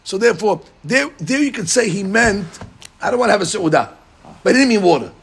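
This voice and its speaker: A man leads a text class at a rapid clip in a gravelly, husky voice pitched a little high. He acts out the people he quotes and often repeats his words as he explains. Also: expressive. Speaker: Talmud class teacher.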